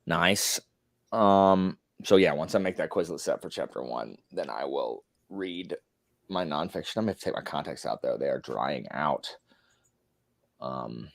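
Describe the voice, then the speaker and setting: A man's voice: extremely low pitch, a little slow, vocal fry, dry recording, clean studio sound. A man hosting a casual podcast, chatty and teasing, talking over a computer mic on a call. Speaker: podcast host. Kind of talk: casual chat.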